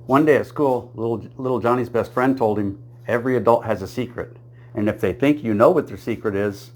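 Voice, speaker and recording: Man, joke teller, middle pitch, dry storytelling delivery, laughs at own punchlines. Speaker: comedian telling jokes. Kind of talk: joke-telling monologue.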